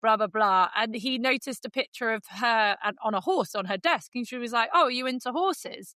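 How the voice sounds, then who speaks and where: A middle-aged woman co-hosts a podcast with a teasing, joking manner. Her voice sits a little high and is recorded close with no echo. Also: pushed and bright. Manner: teasing, quick with a joke. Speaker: podcast co-host. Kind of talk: casual chat.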